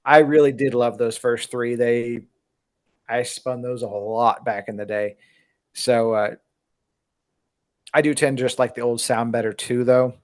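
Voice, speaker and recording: A man talks as a guest on a casual podcast. His voice sits at a middle pitch, and he comes across as easygoing with a dry sense of humor. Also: fairly even intonation, unhurried, pauses often, darkish tone. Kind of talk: casual chat.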